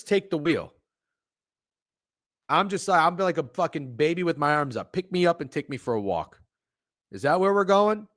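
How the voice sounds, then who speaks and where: A young man hosting a live sports betting stream, chatting with viewers in a profane, animated way. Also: mid-range voice, dry recording, clean studio sound. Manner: animated, swearing, talks to chat. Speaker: sports betting show host.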